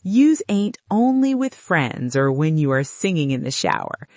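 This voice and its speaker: A woman hosting a podcast, giving a scripted English lesson in a careful, upbeat way. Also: no room sound. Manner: slow, careful and upbeat, with a very lively pitch. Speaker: English teacher and podcast host.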